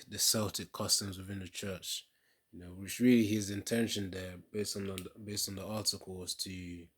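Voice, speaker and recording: A man's voice: low voice, slightly rough. A man giving casual religious reaction commentary in a preachy way, often tacking on "man" and laughing.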